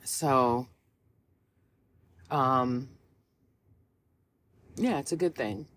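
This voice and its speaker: A woman's voice: a bass voice, very slow. A tired woman in her thirties talks through a casual solo podcast, rambling from one thought to the next. She is candid and swears freely, her voice sounding worn out and prone to yawns. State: tired, yawning. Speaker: podcast host.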